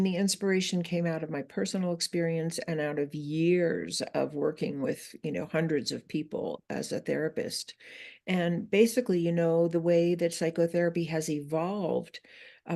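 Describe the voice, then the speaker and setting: Female therapist guest, very low voice with vocal fry, thoughtful and explanatory. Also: dark tone. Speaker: therapist and author. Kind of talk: interview guest.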